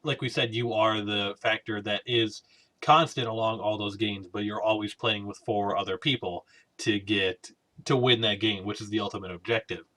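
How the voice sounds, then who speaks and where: A man's voice: lowish voice, steady tone, normal speed, bright, forceful tone. A man co-hosting a casual gaming podcast, laid-back and joking. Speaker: podcast co-host.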